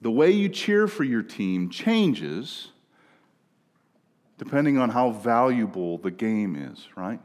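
Preacher from Minnesota in a reverberant hall. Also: male voice, mid-range voice, sing-song, slow pace. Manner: conversational, asks "right?" often, swings between quiet and loud. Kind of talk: sermon. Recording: long reverb of a large room.

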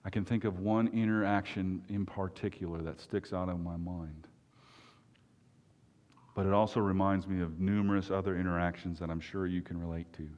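Preacher, male, low voice, emphatic and earnest, reverberant hall sound. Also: level tone, darkish tone, highs cut off. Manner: earnest, emphatic, with long pauses. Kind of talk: sermon.

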